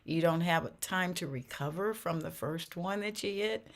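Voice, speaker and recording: An older woman with a somewhat low voice shares a personal testimony of faith in an interview. She speaks earnestly and repeats herself as she goes. Her voice rises and sinks with feeling. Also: normal speed. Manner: earnest, repeats phrases, voice swells and drops with emotion. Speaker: interview guest.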